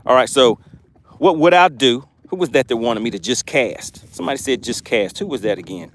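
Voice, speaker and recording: A man's voice: medium pitch, expressive, fast talker, slight background noise. A man on a lake boat hosting a casual fishing livestream, chatting and reading viewer comments aloud. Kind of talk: casual live-stream commentary.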